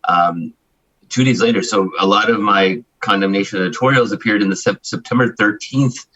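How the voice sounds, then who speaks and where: A man in his forties from Chicago, a human rights attorney speaking as an interview guest, talking emphatically in fast-flowing runs with frequent restarts. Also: lowish voice, bright, forceful tone, rough recording. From Chicago, United States. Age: 40s. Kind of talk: candid interview talk.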